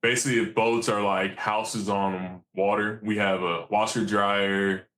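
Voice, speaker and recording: A man, a commercial fisherman, telling stories in a casual, animated and profane way. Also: fairly low pitch, a little slow. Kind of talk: casual storytelling.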